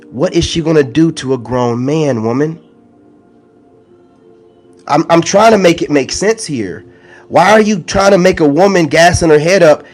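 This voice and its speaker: Man for a combative vlog rant, voice a bit high, slangy and repetitive, quiet music under him. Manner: confrontational, slangy, repeats points. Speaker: online spiritual content creator. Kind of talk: ranting direct-to-camera monologue.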